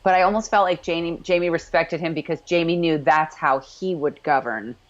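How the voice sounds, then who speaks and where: A woman's voice: sits low, fairly quick. A woman co-hosting a casual TV recap show, talking in a chatty way with self-deprecating asides. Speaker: podcast co-host. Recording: dull lo-fi sound.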